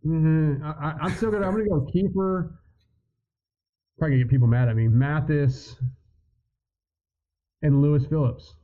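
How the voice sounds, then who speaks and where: A man's voice: on the high side, moderate pace, long pauses. A man as a podcast guest, loose and hesitant, swearing casually. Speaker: guest, motocross media personality. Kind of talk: casual chat. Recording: phone-like remote line.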